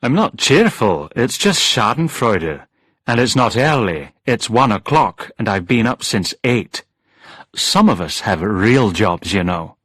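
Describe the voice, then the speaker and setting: A man's voice: fairly low pitch, big pitch swings, unhurried, fairly bright tone, no echo, full character voice. A man reading a storybook and voicing a cheerful, teasing male police officer on the phone. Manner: teasing, dryly amused.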